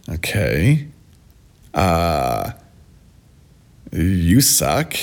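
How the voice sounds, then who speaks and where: A man's voice: medium pitch, big pitch swings. A man giving sarcastic, mocking reaction commentary in a scornful tone. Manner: mocking, scornful, drawn-out delivery. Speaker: vlogger.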